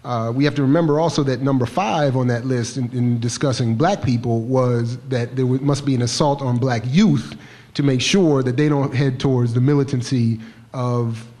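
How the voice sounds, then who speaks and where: A man speaking as an academic panelist, explaining his points in a brisk and earnest way. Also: mid-range voice, steady tone, warm tone. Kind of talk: panel discussion.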